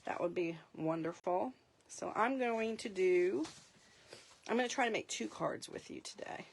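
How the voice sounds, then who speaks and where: A woman's voice: mid-range voice, unhurried, vocal fry, slight background noise. A middle-aged woman hosting a live paper craft demonstration, chatty, laughing often and correcting herself mid-sentence.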